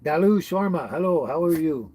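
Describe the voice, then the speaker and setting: A man's voice: on the high side, expressive, normal speed, a little mellow, slightly rough. A man from British Columbia hosting a casual livestream at home, greeting viewers by name, chuckling often and stumbling over names. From British Columbia, Canada. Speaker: livestream host. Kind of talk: casual livestream chat reading comments.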